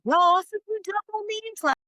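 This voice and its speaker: A woman voicing a friendly, chatty local woman with a Southern US accent, pitched high. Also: moderate pace, bright, forceful tone, no room sound.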